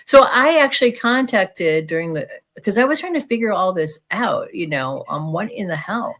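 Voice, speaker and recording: Animated woman telling a strange story. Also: medium pitch, moderate pace. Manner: animated, acts out quoted speech, frank. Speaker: guest sharing alien encounter experiences. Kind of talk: casual storytelling in conversation.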